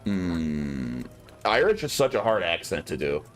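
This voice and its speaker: A man's voice: low voice, big pitch swings, unhurried, faint music behind. A man streaming a video game, giving casual commentary and chatting aloud to his viewers. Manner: chatty, musing aloud to chat.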